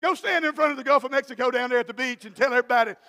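A male pastor preaching a sermon in a church, swinging from quiet asides to shouted exhortation and acting out Bible scenes in folksy dialogue. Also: very high-pitched, very fast.

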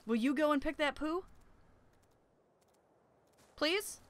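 A woman's voice: high-pitched, expressive, slow pace, no echo. A young woman commenting on her survival game playthrough, shrieking in panic at danger and chatting casually in between. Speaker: gaming YouTuber. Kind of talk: let's play commentary.

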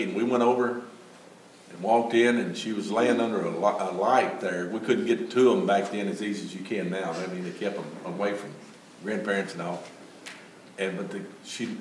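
Older guy, low voice, folksy church story, echoey room, mic kinda far. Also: brisk, a little hiss or hum. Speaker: Gideons speaker. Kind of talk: church testimony. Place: church sanctuary.

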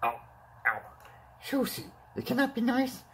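A man's voice: very high-pitched, wildly swooping pitch, measured pace, a bit bright, heavily acted. A man playing the Joker, a whiny clown villain. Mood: whiny taunting. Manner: pleading and taunting, yelps in pain. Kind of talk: toy-figure fan play.

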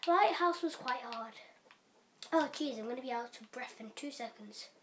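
Young woman gaming vlogger, high bright voice, chatty and rushed, slips into whispered asides. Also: a little hiss or hum. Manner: chatty and hurried, with fillers and quiet whispered asides. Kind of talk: casual game walkthrough. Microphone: camera mic.

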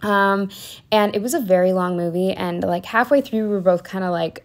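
A young woman narrates her planner spread in a casual, rambling voice-over. Her voice sits on the low side for a woman, and she peppers her talk with ums and likes as she chats along. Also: fairly even intonation, fairly quick, creaky. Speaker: planner vlogger.

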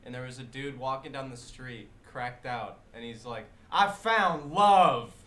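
A man chiming in with quick quips and a story during a casual live stream chat, sitting off to the side of the mic. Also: medium pitch, flat delivery, a bit bright. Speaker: co-host. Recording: roomy, noisy room sound.

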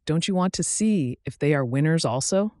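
A woman's voice: low voice, expressive, normal speed, a little mellow, no echo, clean studio sound. A man reading the lines of a young female store clerk in a storybook, asking questions in a chirpy way. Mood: curious.

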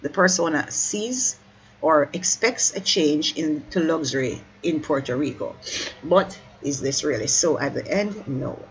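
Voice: medium pitch, expressive, a little slow, slight background noise, poor audio. A teacher explaining a poem line by line, correcting slips and apologizing mid-sentence, and urging listeners to keep up.

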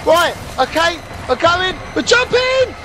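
Speaking slowly with big swings in his very high-pitched voice, a man narrates a horror game playthrough for viewers. He rambles nervously and panics at the scares, while game music plays and the audio quality is poor.

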